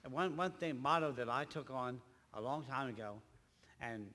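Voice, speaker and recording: An older man, a grandfather, preaching a rambling church testimony with halting, repeated words. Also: medium pitch, sharp tone, big-room sound. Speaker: lay preacher.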